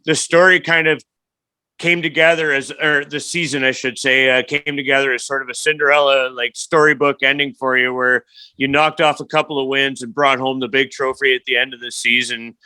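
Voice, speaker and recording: A man's voice: mid-range voice, fairly even intonation, fairly quick, bright, forceful tone, clean tone, no echo. A man hosting a casual podcast interview, chatty and enthusiastic. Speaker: podcast host.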